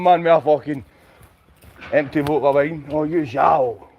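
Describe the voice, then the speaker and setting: A man's voice: a little high, moderate pace, a little mellow, slight background noise. Sweary Scottish man ranting on a livestream. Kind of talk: profane livestream rant.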